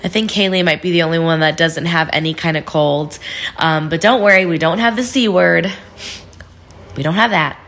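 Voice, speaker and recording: Woman vlogger, nasal with a head cold, lowish voice, chatty and upbeat. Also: moderate pace, fairly bright tone. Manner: chatty, upbeat, many fillers. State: stuffy nose from a cold. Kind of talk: casual vlog chat.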